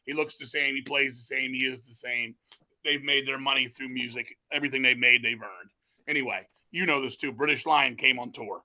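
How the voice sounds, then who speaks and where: A man talks in a very bright, forceful voice, rambling through his stories with heavy cursing and frequent restarts. His tone is excitable and conversational, like an interview guest holding forth. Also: mid-range voice, a little fast. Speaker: interview guest, metal musician. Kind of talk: casual storytelling chat.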